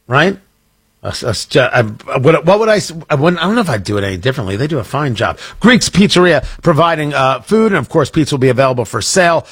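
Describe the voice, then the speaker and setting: A male radio host talking on air in a loose, rambling way, full of restarts and jokey tangents. His voice is a little husky and sits on the high side for a man, recorded dry and close in a studio. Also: very animated, quick pace, fairly bright tone, no echo. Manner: rambling, self-interrupting, jokey. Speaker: radio talk show host. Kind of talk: casual on-air chat and promo. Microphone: studio microphone.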